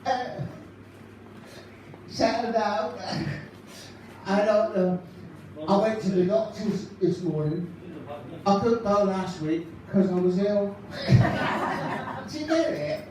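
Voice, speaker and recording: Guy doing a nervy giggly comic rambling thru gags, high voice, super echoey hall way off mic. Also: expressive, slow, long pauses, distant mic, noisy background. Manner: nervous laughing, rambling gag delivery. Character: giggly, rambling male stand-up comedian impression. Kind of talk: live stand-up impression. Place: live concert venue.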